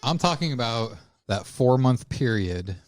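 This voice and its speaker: A man's voice: mid-range voice, lively intonation, unhurried, no echo. A man co-hosting a podcast, bantering and joking with loose profanity. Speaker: podcast co-host. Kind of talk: casual chat.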